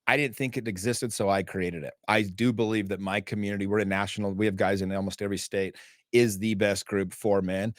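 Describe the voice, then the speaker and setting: A man's voice: on the low side, steady tone, a little fast, no room sound, clean studio sound. A man who is a podcast guest, telling a story in a casual, emphatic way, swearing freely and acting out dialogue. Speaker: podcast guest, author and men's group founder. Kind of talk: animated storytelling in conversation.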